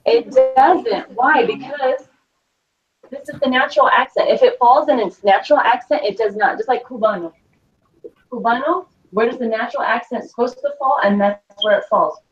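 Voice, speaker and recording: A woman teaching a Spanish class, slowly dictating words and spelling them out letter by letter, with patient repetition. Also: a little high. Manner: slow, patient, repeats each word and letter. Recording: distant, dull lo-fi classroom recording.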